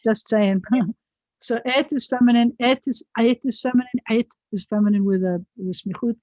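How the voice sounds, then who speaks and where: A woman's voice: on the high side, normal speed, a little mellow, no room sound. Chatty woman rabbi teaching over video call. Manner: chatty, digressive, explains word by word with asides. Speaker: rabbi teaching biblical Hebrew. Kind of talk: online class lecture. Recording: dull, dry video-call audio.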